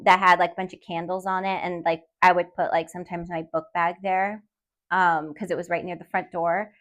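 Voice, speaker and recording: A woman's voice: mid-range voice, a bit bright. A woman hosting a podcast, telling a story in a rambling, self-conscious way with nervous laughs. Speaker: podcast host. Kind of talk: casual solo podcast storytelling. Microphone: studio podcast mic.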